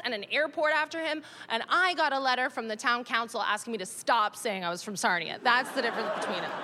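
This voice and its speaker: A woman in her thirties doing stand-up, telling stories in a deadpan, self-mocking way. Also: high voice. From Canada. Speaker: stand-up comedian. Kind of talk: stand-up comedy.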